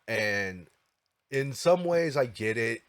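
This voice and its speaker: A man's voice: medium pitch, lively intonation, fairly bright tone, no room sound. A man co-hosting a podcast in casual chat, emphatic and repetitive, sometimes drawing out his words. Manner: emphatic, repeats himself, drawn-out phrasing. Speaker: podcast co-host.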